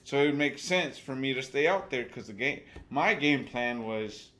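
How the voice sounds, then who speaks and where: A man casually telling a wild story, profane and animated, acting out the people he quotes. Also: mid-range voice, moderate pace, hardly any pauses.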